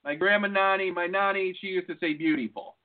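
A man's voice: sits high, steady tone, fast talker. A man co-hosting a podcast, chatting loosely and profanely and laughing often. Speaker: podcast co-host. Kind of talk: casual profane chat. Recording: phone-like lo-fi sound.

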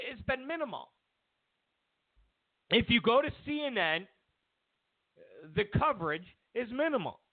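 A high-pitched man hosts a political talk show, offering sarcastic, opinionated commentary and repeating points for emphasis while mocking the media with exaggerated quotes. The audio is tinny and phone-like, dry, with no room sound.

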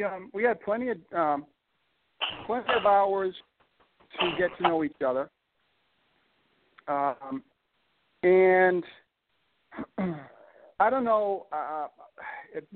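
A man with a Boston accent, a modest and hesitant interview guest who speaks with lots of fillers. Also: high voice. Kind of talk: casual interview chat. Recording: tinny phone line.

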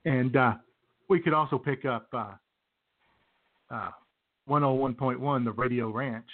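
A man co-hosting a radio talk show, rambling through stories with plenty of fillers. His pitch sits in the middle. The sound is tinny and phone-like. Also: measured pace. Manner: rambling storyteller with many fillers. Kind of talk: casual chat.

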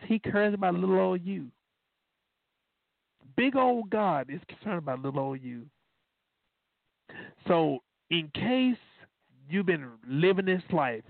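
Over a dry, tinny phone-line sound with no echo, a man whose voice sits on the high side, with vocal fry, preaches. He tells folksy stories loaded with fillers before leading a prayer in which "God" returns again and again as a refrain.

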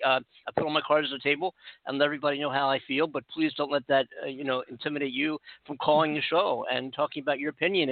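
A man's voice: fairly high pitch, dry recording. A man from the United States hosting a casual radio talk show, earnest and rambling with many restarts. The sound is tinny and dry, like a phone line.

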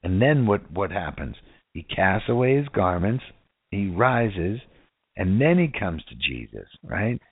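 A man's voice: deep voice, very animated, a little slow, husky, dry recording. A man preaching a casual sermon who keeps asking his listeners rhetorical questions and "right?". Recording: tinny phone-like dry sound.

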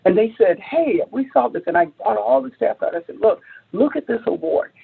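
A woman entrepreneur, interviewed as a guest, tells a story with animation, acting out quotes and rising high when excited, with many restarts. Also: a little fast, vocal fry, slightly rough. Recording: phone-like narrow audio.

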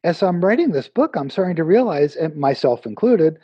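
A man's voice: fairly high pitch, a little fast, slightly rough, no echo, lo-fi sound. A man being interviewed as an author, telling a story with animation and acting out the lines of the people in it. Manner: animated, acts out quoted dialogue. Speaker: author and guest.

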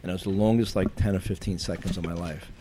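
A retired police chief telling wry, deadpan stories from his career in an interview. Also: low voice, quick pace, slight background noise. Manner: wry, deadpan anecdotes with cop jargon. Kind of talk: storytelling in a podcast interview.

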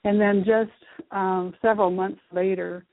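A middle-aged woman, a guest, telling a story about her childhood in an animated way, acting out the dialogue. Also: mid-range voice, unhurried, no room sound. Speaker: guest, Reiki teacher. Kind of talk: storytelling in an interview. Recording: phone-line call-in audio.

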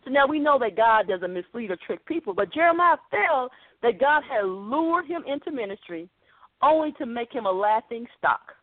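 Woman preacher, fairly high voice, earnest conversational sermon, dry tinny phone-line sound. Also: lively intonation, moderate pace, no echo. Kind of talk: podcast sermon.

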